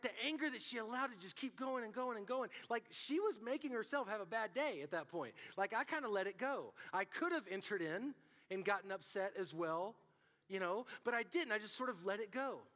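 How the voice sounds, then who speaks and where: A man preaching to a student group as youth pastor, telling stories in an animated way and calling out to the room. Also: sits high. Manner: animated storytelling, calls out to the audience. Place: church hall. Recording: long hall reverb.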